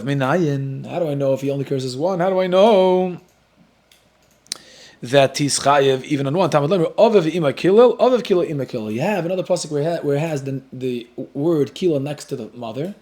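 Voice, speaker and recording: A man teaching a Talmud class, animated and explaining step by step, with a story worked in. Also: a little high. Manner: animated, switches between English and Hebrew-Aramaic terms.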